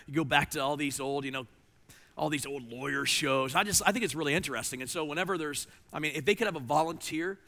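A man preaching a sermon, animated, climbing to emphatic peaks and then dropping low. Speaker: pastor. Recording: reverberant hall.

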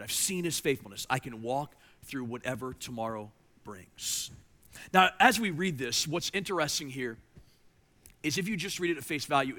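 Man, pastor, sermon, bright voice, swings from loud and emphatic to low and quiet, long hall reverb. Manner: animated, rising to emphatic peaks then dropping low.

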